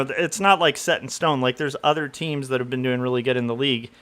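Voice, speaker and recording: A man's voice: mid-range voice, bright, forceful tone, smooth. A middle-aged man from Southern California chatting casually on a livestream, rambling with lots of fillers and laughing at himself. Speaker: comic artist streamer.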